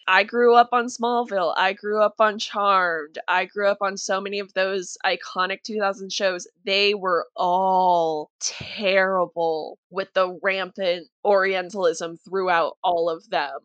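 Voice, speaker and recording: A woman of middling pitch hosts a casual podcast conversation. She talks emphatically and tells stories with animation. Her voice sounds dry and close to the mic. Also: fairly even intonation, measured pace, hardly any pauses, a bit bright, dry recording, muffled recording. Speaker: podcast host. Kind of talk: casual chat.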